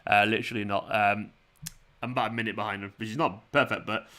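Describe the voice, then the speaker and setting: Bright-voiced man chatting. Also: fairly low pitch, fairly even intonation, quick pace. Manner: chatty, reads out viewer comments, laughs a lot. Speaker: fan channel host. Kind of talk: live watchalong chat.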